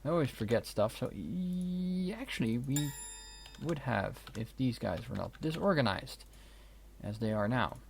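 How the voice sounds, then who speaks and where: A man's voice: medium pitch, animated, measured pace, vocal fry, darkish tone, slight background noise. A man giving casual, wry commentary while playing a strategy game, swearing now and then. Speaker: let's play host. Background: keyboard and mouse clicks.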